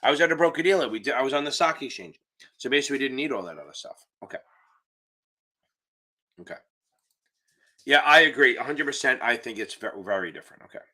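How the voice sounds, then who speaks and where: A man runs a live exam-prep class through his computer mic. His voice is bright and forward, and he explains at an easy pace. He jokes around and drops the odd swear word as he goes. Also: mid-range voice, animated, quick pace, pauses often. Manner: casual, profane, joking teacher. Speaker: exam tutor. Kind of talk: live online Q&A lesson. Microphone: computer mic on a video call.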